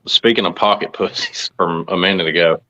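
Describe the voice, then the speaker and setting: A man's voice: sits low, brisk, pushed and bright, poor audio. A man telling a crude story in casual chat, laughing as he goes.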